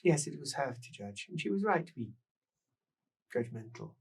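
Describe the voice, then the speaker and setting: The game master voicing a regretful woman in her fifties who talks quietly about her past. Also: mid-range voice, big pitch swings, normal speed, husky, far from the mic. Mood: wistful. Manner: soft, quiet, wistful.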